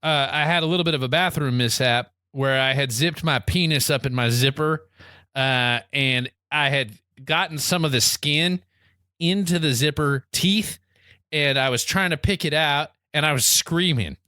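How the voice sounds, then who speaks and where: A man co-hosting a casual podcast, telling exaggerated comic stories in a rambling, excitable way. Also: a little high, normal speed, dry recording, studio quality. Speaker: podcast co-host. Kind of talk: casual comedic chat.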